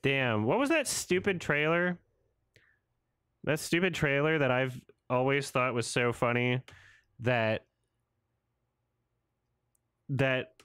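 A man's voice: medium pitch, a bit bright, clear, resonant tone, no echo, studio quality. A man in his thirties doing casual, sarcastic reaction commentary on a trailer, laughing and swearing as he goes.

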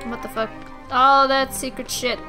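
Over game music, a young female gaming host who's had a few drinks delivers brash, foul-mouthed let's-play commentary. Her voice is high-pitched with a steady tone, at a moderate pace.

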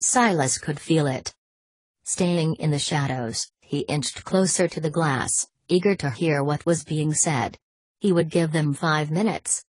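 A woman narrating an audiobook in a steady, even-paced reading voice. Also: sits low, measured pace, slightly rough, dry recording.

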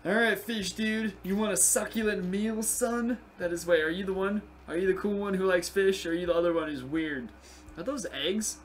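A young man giving casual, excitable gameplay commentary, swearing and chatting to the game's creatures. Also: sits high, moderate pace, faint music behind. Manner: excitable, profane, talks to game creatures. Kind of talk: casual let's play commentary.

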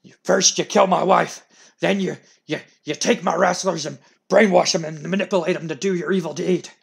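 Angry yelling wrestling boss put on by a guy, high and gravelly. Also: a little slow, heavily acted. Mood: furious. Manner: shouting, outraged, higher-pitched delivery. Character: furious grieving male wrestling company boss.

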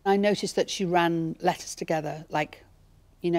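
A woman impressionist telling stories in an interview, lively and breaking into voices as she goes. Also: on the low side, moderate pace. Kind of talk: interview reminiscence.

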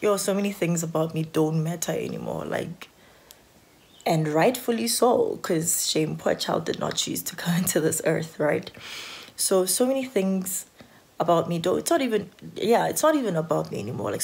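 A South African woman talks to her handheld phone at home in a rambling, anxious way, filling her speech with "like." Her voice sits low and has a gravelly edge. It sounds husky throughout. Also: darkish tone. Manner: rambling, anxious, full of "like" fillers. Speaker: vlogger. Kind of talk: casual chat to camera.

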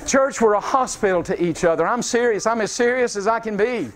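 Fervent high-voiced preacher. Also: male voice, a little fast, few pauses, slight background noise. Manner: fervent, calls out to the congregation, repeats phrases. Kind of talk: revival sermon. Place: church sanctuary.

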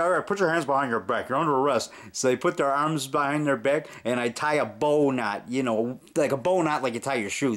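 A filmmaker rambling in a casual home vlog, chuckling and acting out memories. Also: male voice, mid-range voice. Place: house basement.

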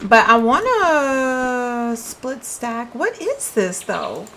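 A woman's voice: fairly high pitch, big pitch swings, drawn-out words, bright, forceful tone, a little hiss or hum, low-quality recording. A woman giving casual let's-play commentary, chatty and puzzled, thinking aloud to her viewers. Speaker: gaming video creator.

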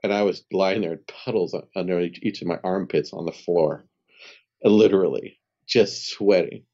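Deep, dark-toned man telling stories. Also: normal speed, highs cut off. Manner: animated storyteller who acts out dialogue and laughs often. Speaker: guest, spiritual healer. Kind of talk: storytelling in a podcast interview.

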